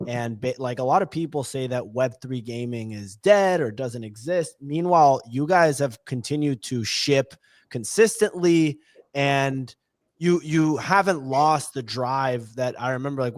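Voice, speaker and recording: A man's voice: medium pitch, no echo, studio quality. A man co-hosting a casual podcast, chatting, reading out comments and asking the guest questions. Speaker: podcast co-host.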